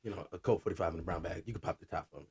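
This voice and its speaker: A man's voice: low voice, very fast, creaky, a little mellow, breathy edge, distant mic. A man co-hosting a podcast in playful, casual chat, laughing a lot. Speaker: podcast co-host.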